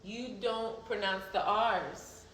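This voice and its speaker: A woman's voice: mid-range voice, slow pace, a bit bright, far from the mic, a little hiss or hum. American woman explaining in a roomy clip. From United States. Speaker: clip creator. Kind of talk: explaining to camera.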